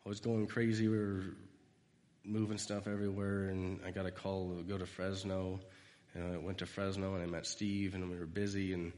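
Heard in a large hall, an American man with a low, darkish voice gives an informal devotional sermon. He rambles through personal stories and acts out the lines he quotes.

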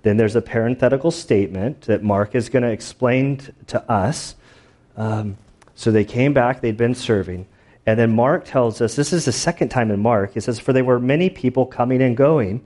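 A man's voice: mid-range voice, darkish tone. A man preaching a sermon as pastor, telling stories in a loose, conversational way with plenty of filler words. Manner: conversational storytelling with many fillers.

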